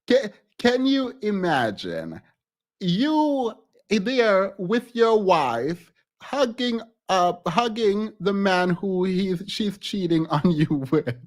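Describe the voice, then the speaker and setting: A man with a high voice chats slowly through celebrity gossip for his channel. His pitch swings widely as he giggles, hesitates and restarts his sentences. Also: sing-song. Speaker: YouTube commentator. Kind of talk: casual celebrity gossip commentary.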